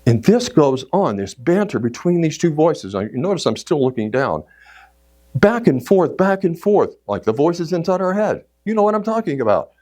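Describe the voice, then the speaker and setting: A middle-aged man telling a story in a sermon, acting out inner voices and moving from shouts to hushed tones. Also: fairly high pitch, big pitch swings, normal speed. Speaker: speaker at a church service.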